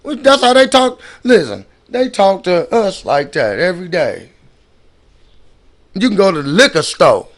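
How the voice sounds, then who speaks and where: A man's voice: sits high, big pitch swings, unhurried. A man giving casual ranting commentary on videos, emphatic and slangy, often repeating and restarting his words.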